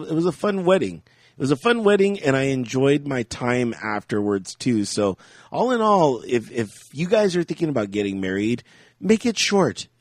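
Laughing frequently, this male podcast co-host wanders through a story during relaxed banter. His voice sits in the mid range, and the studio recording is clean with no echo.

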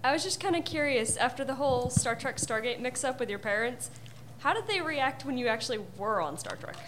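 A woman's voice: high-pitched, lively intonation, fairly quick, fairly bright tone, slight background noise. A woman in the audience hesitantly asks the guest a question, standing away from the microphone. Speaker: audience member asking a question.

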